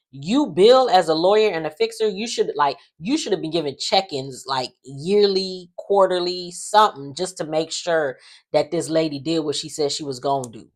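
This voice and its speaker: Low-voiced woman, chatty sassy soap recapper, many fillers. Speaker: soap opera recap vlogger. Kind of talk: casual recap and commentary.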